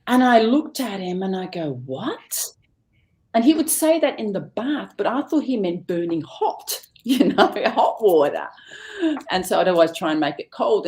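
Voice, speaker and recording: A middle-aged woman with a fairly low-pitched voice tells stories from home in a casual, animated way. She slips into the voices of her family as she speaks, and she laughs easily. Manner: animated storyteller, acts out family dialogue. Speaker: guest. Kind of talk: casual chat.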